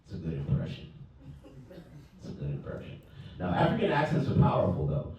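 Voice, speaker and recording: A young male comedian talks in a mellow, lively voice and lets his repeated punchlines trail off. He is recorded from a distance in a club full of echo, and the sound is dull. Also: deep voice, a little fast, vocal fry. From Nigeria. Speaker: stand-up comedian. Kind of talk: stand-up comedy set.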